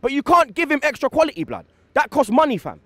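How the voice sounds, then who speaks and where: A man's voice: very high voice, expressive, vocal fry, fairly bright tone, dry recording. A young man, heatedly ranting as a football fan after a match, emphatic and full of street slang. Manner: fast, emphatic, slang-heavy, repeats "blood" and "yeah". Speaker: football fan giving post-match reaction.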